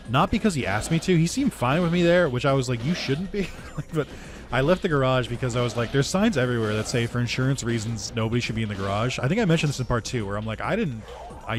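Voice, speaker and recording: Gaming creator, male, mid-pitched, swears a lot and acts out quotes in an animated storytelling voice. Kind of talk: casual storytelling over gameplay.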